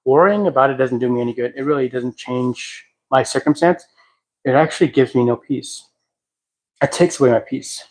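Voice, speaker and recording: A man hosting a casual livestream at home, talking in a reflective, halting way and sometimes singing softly. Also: medium pitch, poor audio. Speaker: livestream host. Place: at home, cleaning a house.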